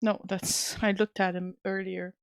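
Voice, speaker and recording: Gravelly woman streamer. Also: mid-range voice, level tone, unhurried. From Canada. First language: French. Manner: chatty, answers chat questions as she plays. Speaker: game streamer. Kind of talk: casual gameplay commentary.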